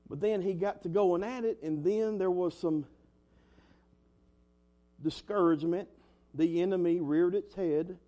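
A man's voice: a little high, dark tone. A young man preaching an earnest, emphatic sermon as a pastor, in a folksy way. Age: young adult.

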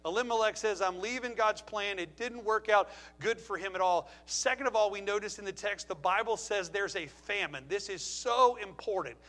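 A man's voice: high-pitched, moderate pace, hardly any pauses, a bit bright. A middle-aged man preaching a sermon in a church, emphatic, firing rhetorical questions and repeating phrases for effect. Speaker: pastor.

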